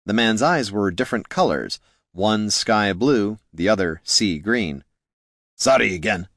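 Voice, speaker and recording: Male audiobook narrator, lower voice, wry dry delivery, close dry studio sound. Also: animated, unhurried, a bit bright, no room sound.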